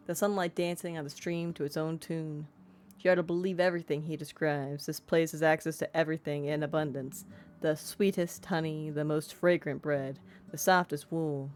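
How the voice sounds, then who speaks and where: A woman's voice: low-pitched, fairly even intonation, moderate pace, a little mellow. A woman streamer narrating a video game, reading its text aloud and breaking off into self-deprecating asides. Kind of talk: let's-play narration and commentary.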